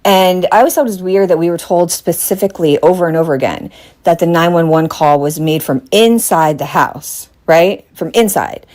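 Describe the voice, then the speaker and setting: A woman with a fairly low voice talks through a true-crime case on a live stream. She sounds puzzled and keeps asking her listeners whether they follow her. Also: moderate pace, a little mellow. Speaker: host.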